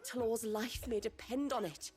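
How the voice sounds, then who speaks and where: An actress playing a worried healer in a video game, earnest and pleading. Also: female voice, fairly high pitch, fairly even intonation, normal speed, a little mellow, lightly acted. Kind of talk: game voice acting.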